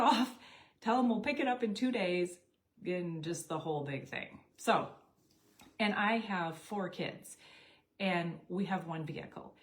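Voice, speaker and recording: Middle-aged woman telling her story, casual and chatty, acts out the dialogue. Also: medium pitch. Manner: animated, acts out dialogue with quoted voices. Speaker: network marketing storyteller.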